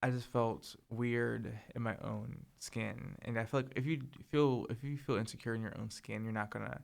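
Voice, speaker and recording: A soft-spoken young man co-hosting a casual podcast chat, talking hesitantly with lots of filler words. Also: medium pitch, steady tone, normal speed, gravelly. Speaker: podcast co-host.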